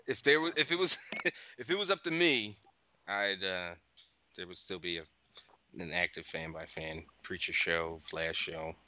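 A man's voice: low voice, clear, resonant tone. A man co-hosting a call-in show, ranting casually with profanity and frequent laughter. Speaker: podcast co-host. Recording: tinny phone-like line.

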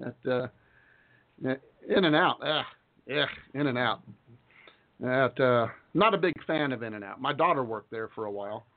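A man's voice: mid-range voice, lively intonation, measured pace, pauses often. A middle-aged man from Texas hosting an internet talk radio show in a rambling, folksy way, with chuckles and asides. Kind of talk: casual talk radio monologue. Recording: phone-like internet radio audio.

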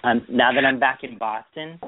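A Boston podcast co-host chats about his weekend, acting out what people said in put-on voices. His mid-range voice moves at a moderate pace over a dry phone-line sound with a little hiss or hum.

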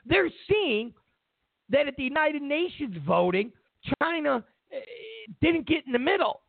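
A man's voice: very high voice, expressive, unhurried, creaky, no room sound. A man hosting a talk show, delivering a heated, mocking political monologue full of repeated phrases. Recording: tinny phone-like sound.

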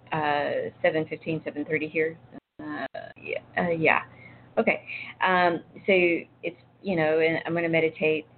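A woman talking casually about faith as an intuitive reader, telling rambling, chatty stories full of asides. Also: sits low. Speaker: intuitive reader and spiritual speaker. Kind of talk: casual spiritual talk to viewers. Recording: tinny phone-like sound with faint noise.

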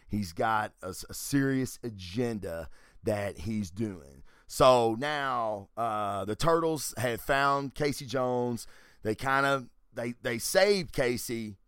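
A man's voice: fairly low pitch, a bit bright, dry recording, clean studio sound. A man hosting a podcast, casually recapping a comic book in a loose, profane way with lots of fillers and restarts. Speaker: podcast host.

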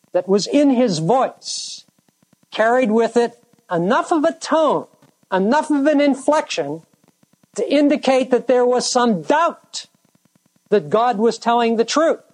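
A preacher delivering a sermon in a deliberate way, stretching out key words for emphasis. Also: medium pitch, animated, a little mellow, low-quality recording.

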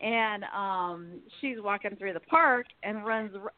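A woman's voice: mid-range voice, slow pace, dry recording. A woman hosting a casual talk show, chatting in a rambling way with lots of fillers and restarts as she recaps a soap opera. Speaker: podcast host. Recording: tinny phone line.

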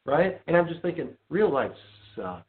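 A man tells a story in an animated, indignant rant, his voice rising and falling a lot. He is hosting a casual call-in show. The audio is thin and tinny, like a phone line. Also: a little high, moderate pace. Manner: animated ranting storyteller, gets loud and indignant. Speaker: podcast host.

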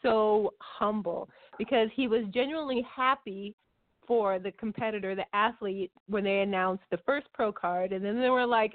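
A woman co-hosting a podcast in casual chat, talkative and quick to laugh. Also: mid-range voice, no room sound. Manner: chatty, laughs easily. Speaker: podcast co-host. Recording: dry, phone-like line.

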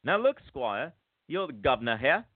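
A man's voice: mid-range voice, big pitch swings, moderate pace, no echo. A man voicing a tough male Cockney ex-convict telling a menacing prison story in a put-on Cockney accent. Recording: tinny phone-like dry sound.

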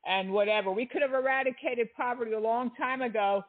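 A man's voice: extremely high pitch, brisk. A man giving critical commentary in an exasperated, sarcastic manner. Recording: tinny lo-fi audio.

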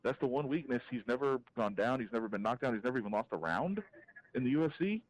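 A man's voice: medium pitch, fast, low-quality recording. Opinionated man breaking down fights. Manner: animated, opinionated breakdown with frequent restarts. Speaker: MMA reporter, guest. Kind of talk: casual podcast interview, calling in.

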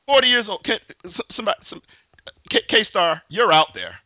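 A man hosts a sports talk show, ranting emphatically about the game. His voice sits fairly high and swings widely in pitch. It comes through a narrow phone-like line with no room sound. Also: huge pitch swings, moderate pace, dry recording. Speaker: show host.

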